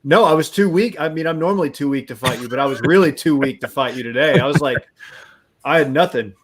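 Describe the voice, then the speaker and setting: A man's voice: a little high, fast talker. A man co-hosting a live show, joking and ribbing his friends in casual chat. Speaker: co-host. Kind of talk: casual banter between friends.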